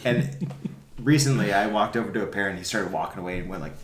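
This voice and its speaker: A man's voice: on the low side, rapid-fire. Emphatic man in a roomy room. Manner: emphatic, animated storyteller. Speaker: youth soccer club coach. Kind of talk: casual podcast chat. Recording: roomy echo.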